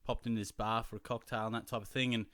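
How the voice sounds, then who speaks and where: A man's voice: lowish voice, flat delivery, quick pace, fairly bright tone, no echo, clean studio sound. A young Australian man from Geelong hosting his fantasy football show, rambling casually to viewers with lots of fillers.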